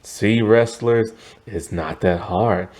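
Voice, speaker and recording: A man's voice: lowish voice, slow, a little mellow. A man giving a casual, rambling TV review, tired and yawning, full of asides and fillers. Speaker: TV show reviewer.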